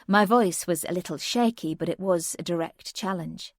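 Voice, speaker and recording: A woman narrating a first-person thriller audiobook in a measured, tense way on a close studio mic. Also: fairly low pitch, no room sound.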